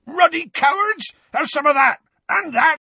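A man's voice: extremely high pitch, animated, unhurried, sharp tone, no room sound, voice pushed up, heavily acted. Hagrid, a man bellowing as a furious giant. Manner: bellowing, rough. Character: huge, furious half-giant man, roaring.

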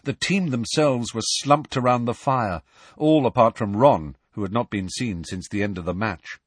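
A man giving an expressive audiobook narration of a story. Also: medium pitch, moderate pace, breathy edge, dry recording. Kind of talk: scripted narration.

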